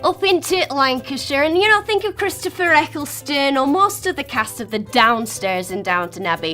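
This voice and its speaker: Woman, RP accent, playful presenter, higher pitch, faint music behind. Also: animated, sharp tone. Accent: Received Pronunciation. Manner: chatty, playful, quick switches into character voices. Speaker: host.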